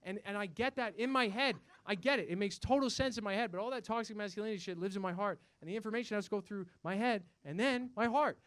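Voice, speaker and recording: A man's voice: sits high, quick pace, hardly any pauses, a bit bright, no echo. A young man performing a self-mocking stand-up set in a comedy club, swearing and acting out voices.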